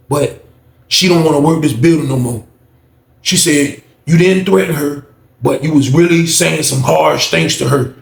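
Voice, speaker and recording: Animated storytelling man, echoey room. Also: a little high, creaky. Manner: animated, acts out other voices, profane street slang. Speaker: storyteller vlogger. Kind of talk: casual storytelling.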